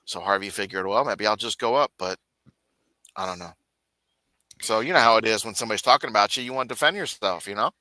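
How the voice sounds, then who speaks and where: A man's voice: fairly low pitch, quick pace, long pauses, no room sound. A man in casual chat on a live stream, telling stories and mimicking others. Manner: animated storytelling, mimics others in raised voice.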